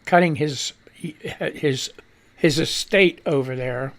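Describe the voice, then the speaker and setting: A middle-aged man hosts a casual live show, his voice gravelly and a little rough at the edges. He rambles, circles back on his own words and lets sentences trail off, with a sarcastic edge. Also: a little high, slow pace. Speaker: radio show host. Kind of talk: casual chat reading comments aloud.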